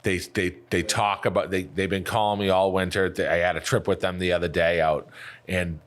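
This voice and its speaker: A man with a Northeastern US accent, a fishing captain, recounting trips in a relaxed, halting way on a podcast. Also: low-pitched. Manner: relaxed, halting retelling with restarts. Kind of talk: casual podcast chat.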